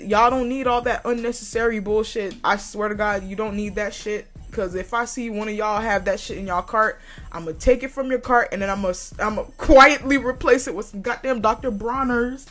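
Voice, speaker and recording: A woman's voice: fairly high pitch, steady tone, normal speed, soft background music. A woman hosting a podcast, delivering a profane comedic rant and laughing often. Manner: profane, loud, laughs a lot, yells mid-story. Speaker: podcast host. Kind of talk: casual comedic monologue.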